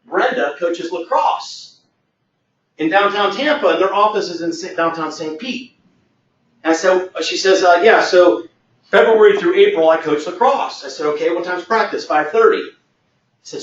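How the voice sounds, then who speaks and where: A man's voice: high voice, a bit bright. A man as a sales trainer, telling a workplace anecdote in a training webinar and acting out the quoted dialogue. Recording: echoey, distant, muffled.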